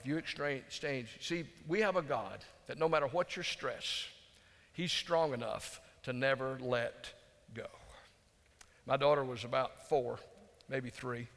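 Gravelly man preaching in a hall. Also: mid-range voice. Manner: folksy, conversational, drops to hushed tones for emphasis. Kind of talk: storytelling sermon. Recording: long hall reverb.

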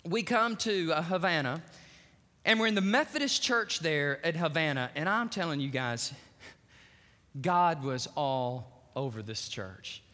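A pastor delivers his sermon in a high, bright, forceful voice. His storytelling is energetic, with emphatic swings in loudness. A long reverb trails each phrase in the large church. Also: unhurried.

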